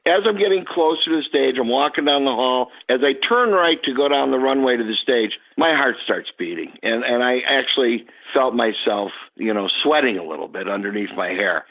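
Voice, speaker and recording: A man, a guest on the podcast, telling an animated story about his past work. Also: mid-range voice, a little fast, few pauses. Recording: tinny phone line.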